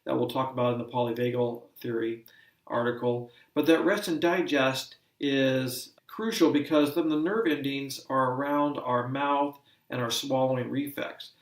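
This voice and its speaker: A man giving a measured, explanatory lecture as an instructor. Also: mid-range voice, fairly even intonation. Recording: roomy sound from a distant mic.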